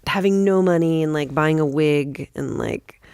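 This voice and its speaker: A woman guest on a podcast, telling stories in a rapid, animated way and swearing freely. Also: low voice, clear, resonant tone, no echo, studio quality. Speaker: guest, comedic actress. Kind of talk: casual podcast storytelling.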